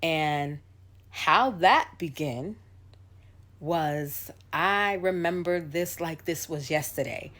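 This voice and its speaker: A woman singer chats straight to her viewers and tells stories in a loose, animated way. She slips into the voices of the people in her anecdotes. Her voice sits on the low side. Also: takes it slowly. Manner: chatty, animated, acts out voices in her story. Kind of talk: casual storytelling to viewers.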